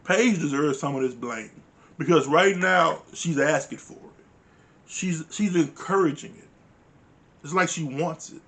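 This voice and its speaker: A reality TV reviewer recaps a show casually, blunt, profane and exasperated, using informal dialect grammar. His voice is fairly high, a little slow and a bit bright.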